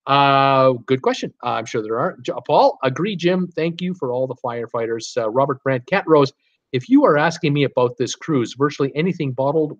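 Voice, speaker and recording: Chatty man reading live chat. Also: mid-range voice. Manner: chatty, reads viewer comments aloud with many fillers. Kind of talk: casual live-stream chat. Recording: dull lo-fi stream audio.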